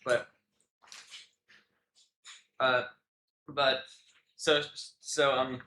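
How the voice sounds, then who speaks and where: Rambling teenage boy, bright and echoey. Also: medium pitch, little pitch movement, very slow. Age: teens. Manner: rambling, many fillers and restarts, laughs often. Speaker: podcast co-host. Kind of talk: casual chat. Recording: echoey room with faint noise.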